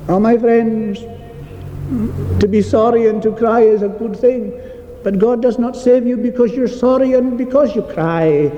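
A man's voice: very high-pitched, moderate pace, slight background noise. A man preaching a sermon in a church, earnest and repetitive, stretching out key phrases for emphasis. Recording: echoey hall, dull lo-fi sound.

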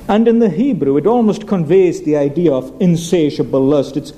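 Guy preaching a sermon, kinda high voice but warm and mellow, keeps firing questions at you. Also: brisk, hardly any pauses, poor audio. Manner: emphatic, asks rhetorical questions and repeats key phrases.

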